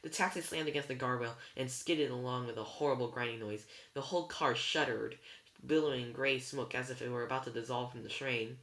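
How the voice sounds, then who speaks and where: A reader telling a storybook chapter aloud in the first person, in a bright, middle-pitched voice. The delivery is plain and steady, with small slips and restarts. The recording carries a roomy echo. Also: a little fast. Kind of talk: storybook read-aloud narration.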